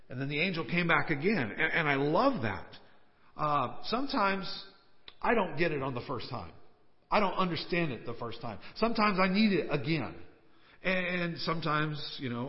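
High-voiced man preaching in a hall. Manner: conversational, emphatic preaching. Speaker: pastor. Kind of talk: sermon. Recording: reverberant hall, dull lo-fi sound.

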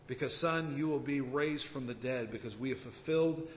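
A man's voice: mid-range voice, brisk, natural voice. A male pastor voicing God the Father as a solemn, tender father speaking to his son. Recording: dull sound with long church hall reverb and faint noise.

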